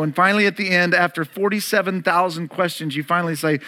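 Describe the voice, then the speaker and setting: A male pastor with a high, ringing, bright voice preaches an Easter sermon. He speaks with earnest conviction and keeps turning to the congregation with direct questions. His tone is focused and urgent throughout. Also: a little fast.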